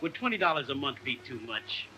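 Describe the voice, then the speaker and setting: A man's voice: mid-range voice, very animated, sharp tone, rough recording. A man playing a pompous, blustering man posing as a colonel in a 1930s film comedy. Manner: pompous, slow and grand.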